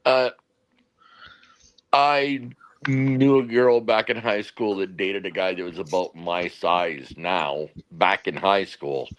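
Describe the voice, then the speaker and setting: A man chatting casually on a podcast, adding dry, drawn-out remarks. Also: low-pitched, low-quality recording. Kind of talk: casual chat.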